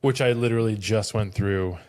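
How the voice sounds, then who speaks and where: A man with a fairly low voice co-hosts a podcast in a relaxed, casual way. He rambles and fills his sentences with plenty of "like" and "um." His tone stays friendly and conversational throughout. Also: fairly quick. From Florida. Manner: rambling, chatty, lots of fillers. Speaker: podcast co-host. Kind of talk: casual chat.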